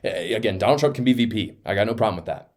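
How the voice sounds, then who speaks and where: A man's voice: lowish voice, animated, quick pace, a little mellow. A young man giving heated, scornful political commentary, emphatic and fired up.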